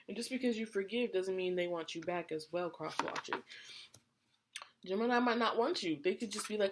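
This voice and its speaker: A woman reads tarot cards for her viewers in a loose, chatty way and talks to them directly. She circles back over the same points again and again. Her pitch sits mid-range, and a clear hiss with clicking runs under the whole recording. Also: lively intonation, moderate pace. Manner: chatty, repeats herself, speaks to viewers directly. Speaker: tarot reader. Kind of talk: casual tarot reading monologue. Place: home.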